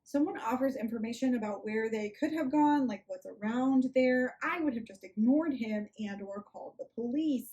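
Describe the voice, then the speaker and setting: A woman's voice: on the high side, moderate pace, few pauses, dark tone. A young woman giving a sarcastic, casual rant review of a book, with snarky asides.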